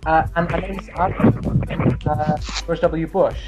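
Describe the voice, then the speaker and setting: A man's voice: a little high, fairly even intonation, very slow, over music, low-quality recording. A man hosting an online English conversation club, talking casually with many fillers and restarts. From New Zealand.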